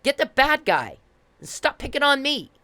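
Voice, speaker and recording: A woman with a high, bright, forceful voice speaks at normal speed with big pitch swings. As a vlogger addressing the police, she delivers an angry, confrontational monologue, repeating herself and swearing as she berates them.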